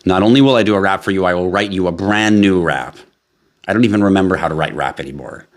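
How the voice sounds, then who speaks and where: A man's voice: sits low, quick pace. A man hosting a live crypto stream, chatting with viewers in a brash, joking, profane way and reading out their comments.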